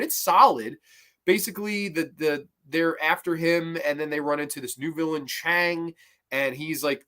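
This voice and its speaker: A young man talks through a cartoon season in a loose, unscripted way. His voice sits at a middling pitch and leaps up whenever he gets excited, with plenty of restarts along the way. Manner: rambling, animated, with restarts and jumpy emphasis. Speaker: host of a cartoon review show. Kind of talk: casual spoken episode review.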